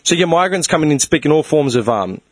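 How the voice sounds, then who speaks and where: A young Australian man in casual chat, swearing freely and explaining with quick rhetorical questions. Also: a little high, lively intonation, no room sound.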